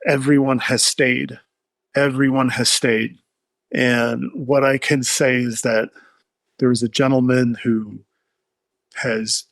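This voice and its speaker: A man's voice: mid-range voice, creaky, no echo. Earnest man telling a client story. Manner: earnest, heartfelt, rambling with restarts. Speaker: addiction therapist, guest.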